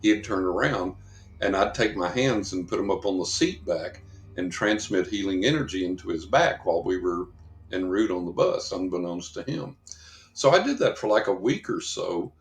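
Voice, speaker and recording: Deep voiced guy rambling thru his stories, echoey room. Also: animated, normal speed. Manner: rambling anecdotal, acts out quoted voices. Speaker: guest, psychic and paranormal investigator. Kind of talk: storytelling in a podcast interview.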